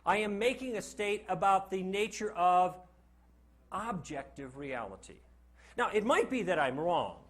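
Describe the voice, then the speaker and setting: A male lecturer speaking to a classroom, with a fairly high voice that swoops up and down as he jokes. He keeps the room involved by asking the class rhetorical questions. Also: unhurried. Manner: animated, joking, asks the class rhetorical questions. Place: classroom with a live audience.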